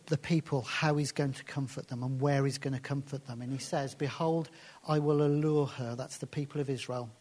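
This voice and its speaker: A man preaching a sermon and reading scripture aloud, slowing down and dropping to soft, hushed phrases for emphasis. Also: mid-range voice.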